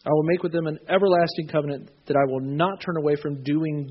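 A husky-voiced male pastor preaching from scripture and telling animated stories. His pitch runs fairly high for a man. The recording sounds dull and lo-fi. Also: normal speed, hardly any pauses. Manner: animated storytelling, acting out voices. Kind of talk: sermon.

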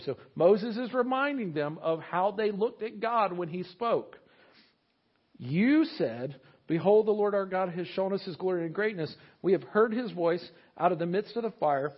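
A man preaching a sermon to his church, animated, with jokey asides and acted-out quotes. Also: sits high, highs cut off. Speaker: pastor.

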